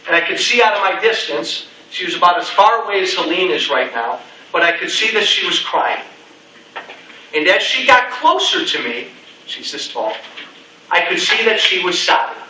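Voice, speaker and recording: A man's voice: high-pitched, very animated, moderate pace, bright, forceful tone, a little hiss or hum. A middle-aged man giving a punchy campaign speech to a crowd, repeating slogans with folksy asides. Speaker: political speaker. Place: meeting room with an audience. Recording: echoey room, mic from a distance.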